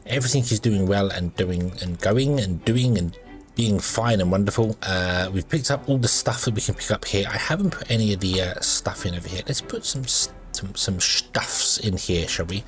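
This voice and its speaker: Rambling low-voiced man playing a game. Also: normal speed, faint music behind. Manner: rambling, self-correcting, many ums and uhs. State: has the hiccups. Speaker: gaming video host. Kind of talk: casual gameplay commentary.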